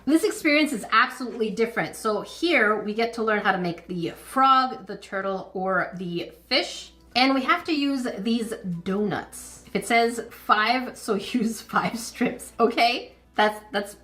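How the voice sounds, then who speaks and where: A woman hosting her own channel, talking through a craft kit review as she works with her hands, chatty and self-encouraging, easily flustered into quick exclamations. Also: on the high side, bright, forceful tone, soft background music.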